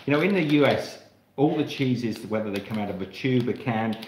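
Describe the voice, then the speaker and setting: A man's voice: medium pitch, expressive, a little fast, reverberant, background noise. An Australian man hosting a live cooking stream, chatting to viewers in a rambling way while he cooks in his kitchen. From Australia, Melbourne. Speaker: cooking channel host.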